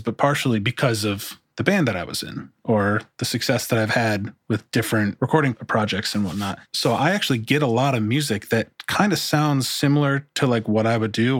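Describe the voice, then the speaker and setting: A man's voice: medium pitch, no echo, clean studio sound. A man who works as a music producer, talking casually in an interview, rambling with many restarts and fillers.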